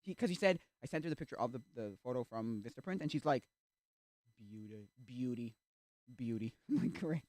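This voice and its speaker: A male streamer in casual chat, rambling with restarts and acting out little quoted exchanges, sometimes breaking into loud rants. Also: medium pitch, lively intonation, quick pace, hardly any pauses, no echo. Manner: gets loud and ranting.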